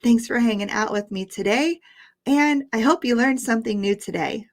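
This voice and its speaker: A woman teaching English pronunciation online, patient and upbeat, repeating words slowly for her learners to copy. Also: on the high side. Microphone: headphones while sharing screen.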